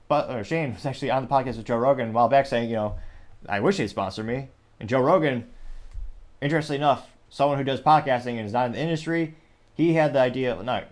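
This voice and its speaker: A man hosting a news commentary show, rambling and correcting himself with wry asides. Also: medium pitch. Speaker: show host.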